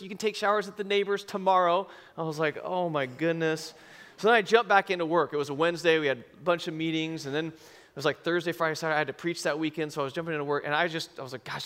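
Male pastor, high and bright, animated storyteller who acts out quotes, preaching live to a congregation. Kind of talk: sermon with personal story. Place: church service before a congregation.

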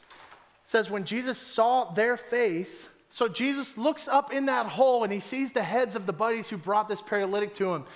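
High-voiced man preaching a lively sermon. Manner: animated, conversational preaching with emphatic repetition. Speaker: pastor.

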